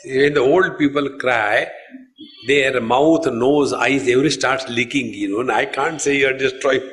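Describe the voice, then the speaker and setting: A man's voice: medium pitch, moderate pace, fairly bright tone. A man, a swami giving a spiritual discourse, telling stories unhurriedly and addressing his listeners as friends. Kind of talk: sermon on scripture.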